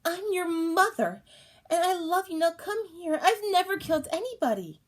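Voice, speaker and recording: A woman's voice: very high-pitched, sing-song, moderate pace, voice pushed up. A woman voicing an anxious young princess bride who pleads and then commands. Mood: imperious. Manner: pleading, commanding when pressed.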